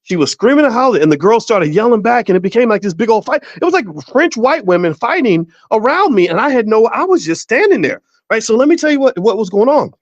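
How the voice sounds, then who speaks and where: A man's voice: very high-pitched, big pitch swings, quick pace, hardly any pauses, no room sound. A male podcast host and finance professor talking in a casual monologue, rambling and stumbling over repeated words. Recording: dry, slightly dull recording.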